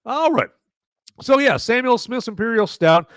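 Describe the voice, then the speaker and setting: A man's voice: very high voice, unhurried, no echo. Rambling man with a dry close sound. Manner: rambling and animated, often tagging lines with "okay?". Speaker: podcast host. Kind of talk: casual beer review on a podcast.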